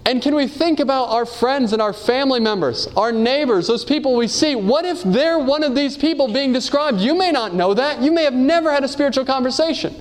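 High-voiced man preaching earnestly. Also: lively intonation, fairly quick, few pauses. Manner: earnest, asks the audience many rhetorical questions; reads quotations aloud and tells personal stories. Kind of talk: sermon.

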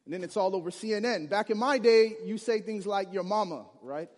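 A man from Chicago telling a humorous personal story to an audience, lively and acting out the people in it. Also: high-pitched, brisk. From Chicago, USA. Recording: reverberant hall.

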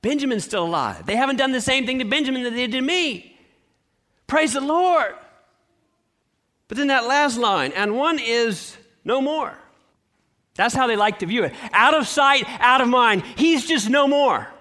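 A man preaching a sermon, telling a scripture story with expressive shifts and rhetorical questions. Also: very high voice, normal speed. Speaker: pastor.

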